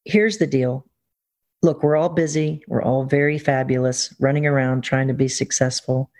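A woman musician is interviewed and tells her stories in a lively, expressive way. She laughs easily as she talks and keeps an excited, chatty energy. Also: a bass voice, normal speed. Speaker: musician guest. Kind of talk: casual interview storytelling.

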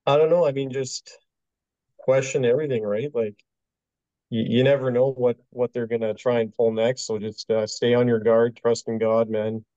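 A man guest on a podcast, speaking calmly and casually. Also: medium pitch, normal speed, smooth, no echo. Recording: dry, dull lo-fi sound.

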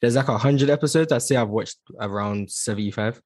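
A man's voice: medium pitch, fairly quick, darkish tone, no echo. A young man from the UK with a British accent, chatting casually as a guest on a podcast stream, easygoing with frequent fillers. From United Kingdom. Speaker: guest, show fan.

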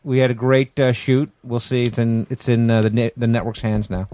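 A man's voice: mid-range voice, level tone, a little fast, mellow. A man co-hosting a comedy podcast in casual chat, joking with his guests and echoing their lines back. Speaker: podcast co-host.

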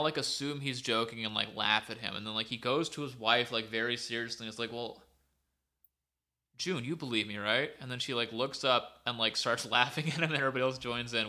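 A podcast co-host, a man with a medium-pitched, sharp-toned voice, casually retells a story over a video call. His telling rambles and is packed with fillers like "like" and "um."

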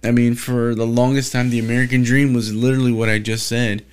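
A young man in a mid-pitched voice holds forth alone on his podcast. He rambles, swears freely and keeps breaking off to restart his thoughts, sounding frustrated. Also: level tone, brisk, smooth. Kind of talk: casual solo podcast monologue.

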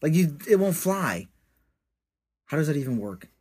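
Man, slightly high, lively intonation, easygoing podcast co-host. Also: moderate pace, husky. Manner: laid-back, says "dude" and "man". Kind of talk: casual movie chat.

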